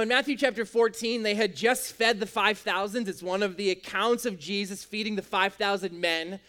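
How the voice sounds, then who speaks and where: High-voiced young man preaching. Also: fairly bright tone. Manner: conversational, acts out quotes with big pitch jumps. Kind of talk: sermon. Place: in a room with an audience.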